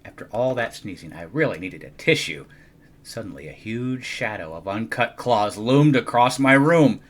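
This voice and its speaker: A young adult man reading a children's storybook aloud in an expressive, animated way. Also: on the low side, normal speed. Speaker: storybook reader.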